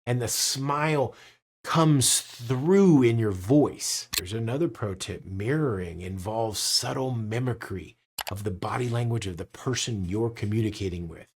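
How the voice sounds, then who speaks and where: A man's voice: medium pitch, a little slow, a little hiss or hum. A man teaching sales skills, talking with emphasis and acting out different tones of voice as he explains them. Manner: animated, emphatic, demonstrates tones with his voice. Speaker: sales trainer. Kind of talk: instructional talk to camera.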